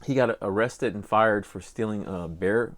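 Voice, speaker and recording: An older man with a Cajun accent and a lowish voice, speaking at an ordinary pace. He co-hosts a laid-back podcast, spinning a meandering story packed with filler words.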